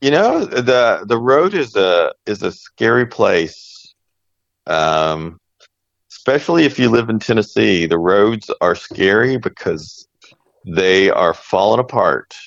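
A man's voice: on the low side, very animated, slow, vocal fry, dry recording. A man who is a therapist co-hosting a podcast, chatting casually and joking, often trailing off mid-sentence. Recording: dull, dry lo-fi sound.

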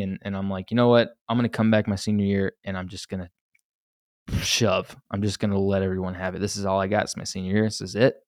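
A man's voice: lowish voice, a little mellow, no room sound, studio quality. A young man hosting a solo podcast, telling his own story candidly and emotionally, swearing casually and often restarting his sentences. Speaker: podcast host.

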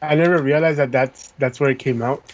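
A man's voice: medium pitch, steady tone, fairly quick, lo-fi sound. A man in a casual podcast chat, ranting in a frustrated, profane way. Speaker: podcast co-host.

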